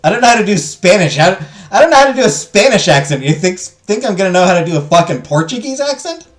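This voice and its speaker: A man's voice: high-pitched, very animated, quick pace. A man giving casual gameplay commentary, rambling and stammering, swearing and mocking himself. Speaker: gaming streamer.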